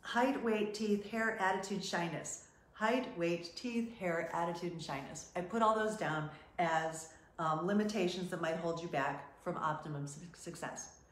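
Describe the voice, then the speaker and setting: A woman's voice: on the low side, a little slow, echoey room. A middle-aged woman, a modeling agent, teaching in a chatty way and acting out what clients said. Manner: chatty, animated, acts out quotes from clients. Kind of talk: casual teaching talk.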